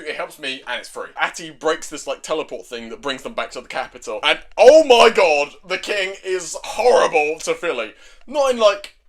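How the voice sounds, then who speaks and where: A man's voice: fairly high pitch, fairly bright tone, a little hiss or hum. A man casually recapping a story in an enthusiastic, rambling way, with lots of filler words. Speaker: manga recap video host.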